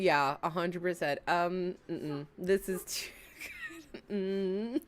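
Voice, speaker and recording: A woman's voice: fairly low pitch, slow. A woman hosting a casual livestream reaction, chatty and swearing, laughing often.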